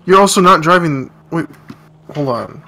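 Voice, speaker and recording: A man's voice: fairly high pitch, animated, normal speed, sharp tone, a little hiss or hum. Hesitant man asking questions in game chat. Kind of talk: casual gaming chat.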